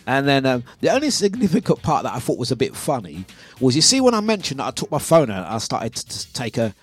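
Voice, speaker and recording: A man, hosting a breakfast radio show and telling a story in a lively, casual way, acting out his own quotes. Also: medium pitch, fast, slightly rough, faint music behind. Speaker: radio host. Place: radio studio.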